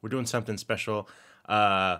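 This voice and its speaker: A man hosting a casual podcast with a sore back, talking in a wry, deadpan way. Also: fairly low pitch, moderate pace. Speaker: podcast host. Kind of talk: casual chat.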